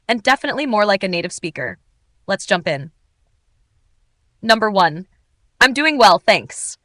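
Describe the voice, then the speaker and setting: A woman teaching English in an upbeat, clearly articulated, scripted narration. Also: medium pitch, fairly bright tone, no echo.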